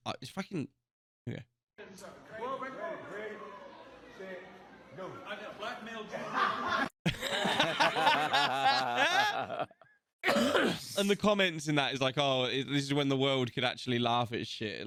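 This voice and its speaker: A man's voice: mid-range voice, fairly quick, pauses often. A man hosting a podcast, reacting to video clips in casual, sweary chat. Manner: sweary, excitable, playing clips. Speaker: podcast host.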